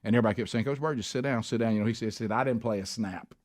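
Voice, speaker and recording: A man's voice: racing, no echo, studio quality. Rambling man spinning a story. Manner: rambling storyteller who acts out quotes with big high shouts. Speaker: radio show host. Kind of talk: storytelling on a talk show.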